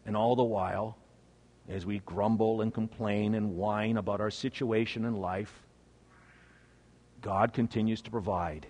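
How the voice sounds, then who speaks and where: A man preaching a sermon as pastor, swinging between loud, emphatic phrases and hushed, low ones. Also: steady tone, a little slow. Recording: long reverb of a large hall.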